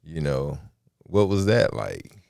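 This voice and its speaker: Deep gravelly man with slow lively speech. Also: no room sound, clean studio sound. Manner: laid-back listener, frequent short agreements. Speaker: podcast host. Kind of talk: casual interview chat.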